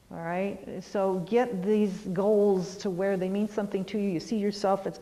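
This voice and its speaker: A middle-aged woman yoga teacher guiding a lesson, gently encouraging and often checking in with "all right". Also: medium pitch, in a large hall, rough recording. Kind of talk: guided lesson on goals and mantra practice.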